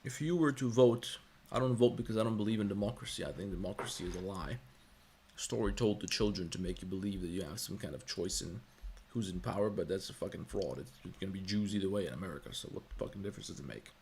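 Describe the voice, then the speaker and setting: A man's voice: low-pitched, quick pace, vocal fry, darkish tone, a little hiss or hum. A man chatting casually on a live stream, giving blunt, profane advice in a lecturing way.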